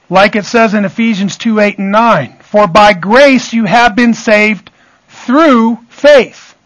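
A male pastor with a fairly high voice delivers an expository sermon. He keeps checking in with his listeners and restates each point to make it stick. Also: a bit bright, poor audio. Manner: checks in with the congregation often.

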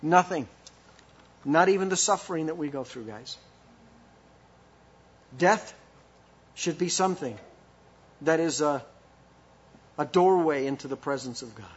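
A man's voice: on the high side, measured pace, pauses often, breathy edge, dull audio. A man preaching a sermon as pastor, with impassioned rhetorical questions and a delivery that rises and falls.

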